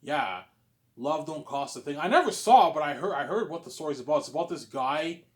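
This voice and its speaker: A man vlogging in a casual monologue, answering his own questions in a rambling, repetitive way with stammered restarts, jumping between loud bursts and low mutters. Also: fairly quick.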